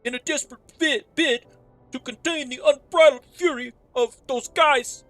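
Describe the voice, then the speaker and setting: A woman's voice: high voice, normal speed, a bit bright, no room sound, faint music behind, voice pushed up. A woman voicing a courteous middle-aged male innkeeper in a game, with a put-on New Jersey wise-guy accent and formal speech. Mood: courtly. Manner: formal, old-fashioned speech. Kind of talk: voicing game dialogue on a stream.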